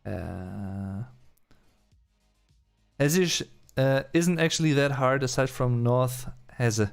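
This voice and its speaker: A man's voice: mid-range voice, animated, slow pace, gravelly, soft background music. A man from Germany with a German accent, hosting a live-stream Q&A, reading out chat comments and answering them in a casual, chatty way. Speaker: host.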